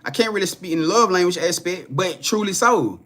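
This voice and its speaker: Casting: man, high bright voice, chatty live-stream card reader, loose and profane, keeps checking in with viewers. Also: expressive, a little fast. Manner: repetitive, profane, chatty, laughs often; talks straight to viewers. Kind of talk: casual live-stream reading.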